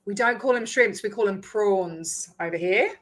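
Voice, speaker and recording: A woman's voice: mid-range voice, moderate pace. A woman with an English accent carrying a slight Australian twang, chatting casually on a live stream, laughing often and swearing casually. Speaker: livestream host.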